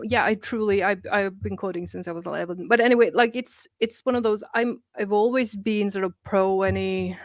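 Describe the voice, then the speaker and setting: A Norwegian-accented woman with a faint Irish lilt chats in an interview, animated and profane, stumbling over her words and piling on "like"s. Her voice sits in a middle pitch. It comes over a video call with a dry sound and no room echo. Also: fairly quick, few pauses. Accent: Norwegian with a slight Irish lilt. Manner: animated and profane, many restarts and "like"s. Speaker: comic book writer guest. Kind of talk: casual interview chat.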